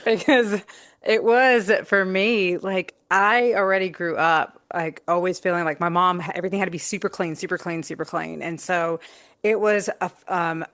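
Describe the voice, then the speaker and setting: A woman guest speaks earnestly in a casual panel chat. Her voice sits low and sounds close and dry on the mic. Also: steady tone, normal speed, a bit bright, no room sound. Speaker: guest life coach.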